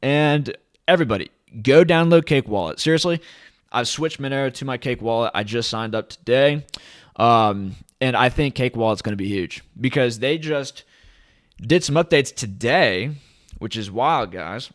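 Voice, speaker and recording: A man's voice: medium pitch, lively intonation, normal speed. A man hosting his own channel, talking to camera in a rambling, enthusiastic way. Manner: rambling, enthusiastic, hype-driven. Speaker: crypto channel host. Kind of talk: casual to-camera vlog. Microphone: camera at desk.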